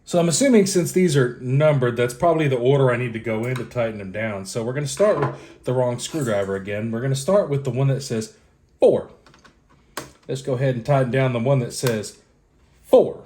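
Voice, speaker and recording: A man's voice: mid-range voice, fast, darkish tone, slight background noise. Chatty joking man fixing a computer. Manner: joking, self-mocking, chatting to viewers; narrates each step aloud as he works. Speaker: host of a computer repair channel. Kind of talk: casual hands-on repair walkthrough.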